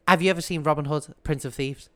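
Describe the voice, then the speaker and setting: A woman's voice: low-pitched, quick pace. An enthusiastic woman runs a music quiz on a podcast. She talks in a loose, chatty way, full of asides and recommendations. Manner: chatty, enthusiastic, sings snippets. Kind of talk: casual chat.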